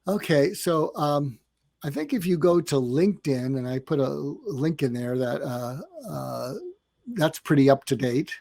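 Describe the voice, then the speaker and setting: A man's voice: fairly high pitch, measured pace, gravelly, darkish tone, dry recording. An older man, a psychiatrist guest on a podcast, telling stories in a meandering way with lots of fillers and acted-out dialogue. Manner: meandering, filler-heavy, acts out quoted dialogue. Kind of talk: storytelling in a podcast interview.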